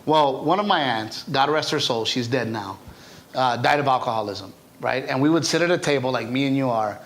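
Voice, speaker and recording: A man, a stand-up comedian, telling stories in a casual interview, animated and chatty, often tagging his lines with "right?". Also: medium pitch, a little fast.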